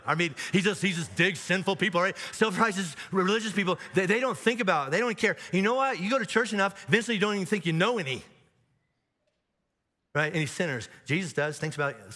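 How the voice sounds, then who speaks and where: Pastor, man, bright forceful voice, chatty sermon delivery full of restarts, live church hall reverb. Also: high-pitched, a little fast. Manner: conversational, animated, many restarts and asides. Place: large church auditorium.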